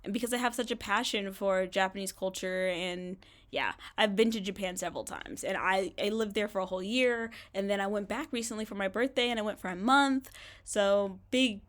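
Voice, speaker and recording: A woman's voice: medium pitch, brisk. Chatty young woman rambling at home. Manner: chatty, frequent "like" fillers, laughs often. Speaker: vlogger. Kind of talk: casual rambling vlog. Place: bedroom in an apartment.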